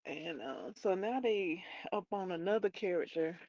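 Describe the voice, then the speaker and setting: A woman's voice: on the low side, expressive, moderate pace, vocal fry, darkish tone, dry recording, muffled recording. A woman hosting a livestream, chatting casually about a book and retelling its scenes in her own words with playful asides. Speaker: livestream host.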